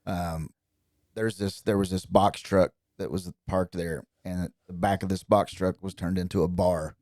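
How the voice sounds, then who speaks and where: A young man from Indiana, a country singer, telling stories as a guest in relaxed, chatty conversation. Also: sits low, unhurried, no room sound, studio quality. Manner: relaxed, chatty, lively when quoting people. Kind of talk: casual storytelling.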